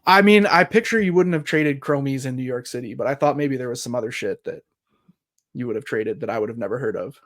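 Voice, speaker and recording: A man in his thirties co-hosts a podcast, telling a story casually in a fast, medium-pitched voice. He's animated, swears freely, and acts out what the other people said.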